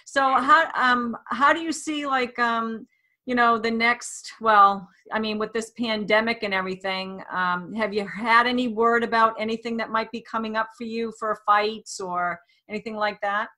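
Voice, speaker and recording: Chatty, bright-voiced woman host. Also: fairly high pitch, fairly even intonation, normal speed. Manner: chatty, rambling questions with fillers. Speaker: podcast host, interviewer. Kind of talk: casual interview.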